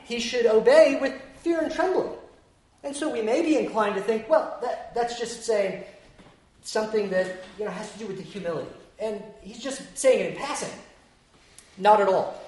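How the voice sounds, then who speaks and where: Echoey preacher giving a measured sermon. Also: mid-range voice. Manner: measured, explanatory, with frequent "uh" pauses. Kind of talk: expository sermon. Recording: echoey room.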